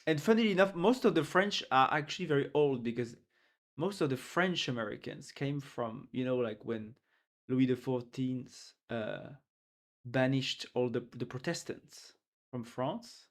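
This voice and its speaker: A man's voice: mid-range voice, a little slow. A man livestreaming, chatting casually with viewers, rambling and repeating words while he searches for them, reading chat aloud and joking along. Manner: reads chat aloud and jokes with it.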